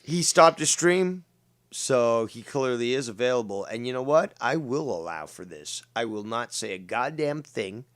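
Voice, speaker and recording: A man hosting a heated livestream talk show, loud and profane, swinging between shouting and low muttering. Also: animated, moderate pace. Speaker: show host.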